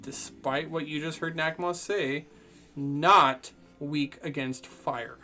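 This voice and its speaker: A man's voice: fairly high pitch, fairly even intonation, takes it slowly, pushed and bright, soft background music. A man as game master in a casual tabletop game, explaining the map and counting distances aloud.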